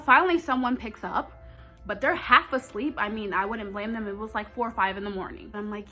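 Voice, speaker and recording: A woman's voice: fairly high pitch, brisk, bright, forceful tone, soft background music. A young woman telling a personal story in a storytime vlog, talking straight to her viewers with emphasis. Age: young adult.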